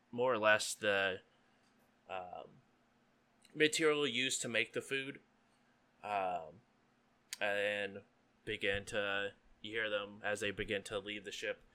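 A man narrating a tabletop game as game master, relaxed and full of ums and likes. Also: lowish voice, clean tone, no room sound.

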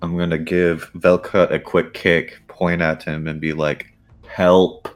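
A man playing a tabletop game, speaking plainly and flatly in character. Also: sits low, a little slow, faint music behind. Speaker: player. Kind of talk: tabletop role-play.

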